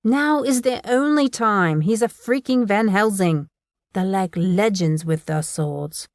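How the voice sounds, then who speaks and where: A woman's voice: mid-range voice, takes it slowly, dry recording, clean studio sound. A woman reading as a blunt, crude young woman friend with no filter in an audiobook. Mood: teasing.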